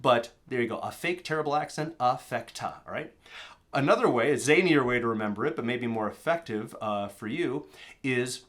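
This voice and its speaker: A man's voice: medium pitch, expressive, normal speed, a bit bright. Chatty American man teaching a lesson. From Minnesota. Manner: chatty, rambling, with fillers and digressions. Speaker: language teacher. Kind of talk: casual video lesson.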